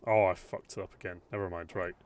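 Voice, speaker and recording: A man running a tabletop role-playing game for friends, laughing often and narrating in a relaxed way. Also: sits low, fast, noisy background. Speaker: game master.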